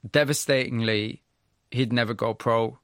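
A man hosting a radio documentary, narrating and interviewing in a measured, gently probing way. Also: medium pitch, steady tone, no room sound, clean studio sound. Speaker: radio host.

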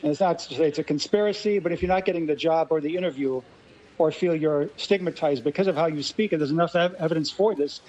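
A man's voice: a little high, quick pace, a little mellow, lo-fi sound. Articulate man from Los Angeles. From Los Angeles, USA. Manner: articulate, argumentative. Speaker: guest commentator. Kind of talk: radio discussion.

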